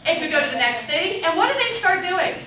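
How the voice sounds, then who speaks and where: Brief: high, bright woman teaching a class. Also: big pitch swings, fairly quick, slight background noise. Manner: upbeat, asks the group questions, repeats their answers. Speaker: parenting class instructor. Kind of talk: interactive classroom lecture. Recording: echoey room from a distant mic.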